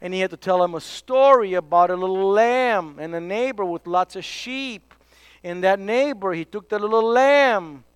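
A man preaching a sermon, emphatic, dropping to hushed tones for key points. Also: sits high, animated, moderate pace, clear, resonant tone, no echo.

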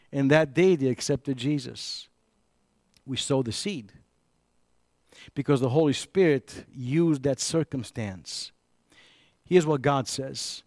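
A man's voice: mid-range voice, slow, pauses often, dry recording. Emphatic preacher man, dry close sound. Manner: swings from raised, emphatic preaching to hushed, intimate storytelling; repeats and restarts words when telling stories. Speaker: pastor. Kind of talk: sermon.

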